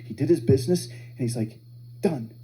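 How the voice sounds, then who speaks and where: Animated high-voiced male stand-up comic. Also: fast talker, poor audio. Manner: animated storytelling, acting out kids' voices. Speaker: stand-up comedian. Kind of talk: stand-up comedy set.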